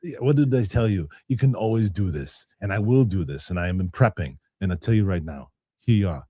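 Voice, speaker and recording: Man doing aging action star, heavy Austrian accent, clipped, defiant, boastful, low voice, dry sound. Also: animated, brisk, warm tone, no echo. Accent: Austrian, put on.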